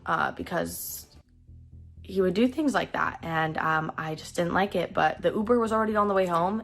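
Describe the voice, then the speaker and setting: A young woman recounting a painful personal story in a halting, emotional way. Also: low-pitched, gravelly, fairly bright tone. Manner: halting, full of fillers and restarts, emotional.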